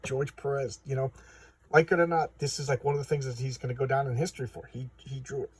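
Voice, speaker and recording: Husky-voiced man rambling about comics. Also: mid-range voice, flat delivery, quick pace, darkish tone, dry recording. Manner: rambling, filler-heavy, enthusiastic. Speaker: comic book reviewer. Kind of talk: casual chat. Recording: distant mic.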